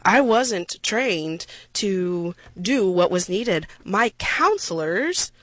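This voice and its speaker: A woman's voice: mid-range voice, big pitch swings, drawn-out words, fairly bright tone, no echo. A woman hosting a radio discussion, talking with passion and emphasis and tossing in self-deprecating asides.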